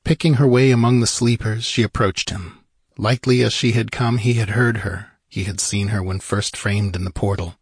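A man narrating an audiobook in a measured, grave manner with a husky voice. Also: lowish voice, steady tone, no echo, clean studio sound.

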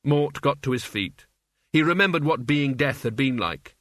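A man reading an audiobook as its narrator, in an even, measured storytelling manner. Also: medium pitch, no echo, studio quality.

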